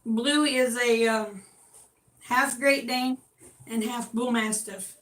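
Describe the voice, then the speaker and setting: High-voiced older woman coaxing her dogs. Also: steady tone, slow pace, a bit bright, slight background noise. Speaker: vlogger showing her dogs. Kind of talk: casual home chat. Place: home room with dogs. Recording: roomy, distant from the mic.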